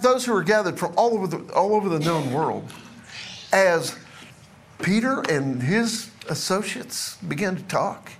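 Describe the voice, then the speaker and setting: Guy leading a bible class, talks casual and jokey, kinda high voice, faint hiss. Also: a bit bright. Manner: conversational, chatty and self-deprecating. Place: classroom with a group.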